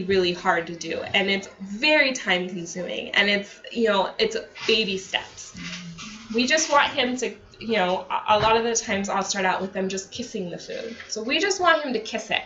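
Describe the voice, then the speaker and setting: Woman trainer, bright tone, chatty delivery, dull lo-fi recording. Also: medium pitch. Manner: conversational, fillers and quoted examples. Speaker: ABA therapy trainer. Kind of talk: staff training talk. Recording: dull lo-fi audio.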